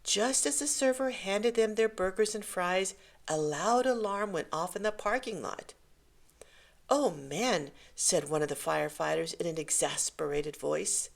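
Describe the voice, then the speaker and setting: A woman reading a short story aloud in a gentle, measured way. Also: medium pitch, creaky. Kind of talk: scripted story narration.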